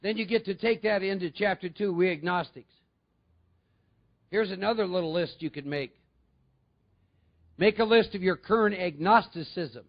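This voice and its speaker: High, gravelly man addressing a meeting. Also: moderate pace, pauses often, muffled recording. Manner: conversational, asks the audience questions. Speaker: recovery speaker. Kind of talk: talk to a recovery meeting.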